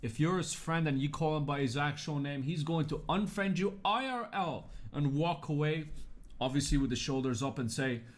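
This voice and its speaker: A man's voice: a little high, moderate pace. A man co-hosting a casual reaction show, sarcastic and crude, mocking what he watches. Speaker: co-host.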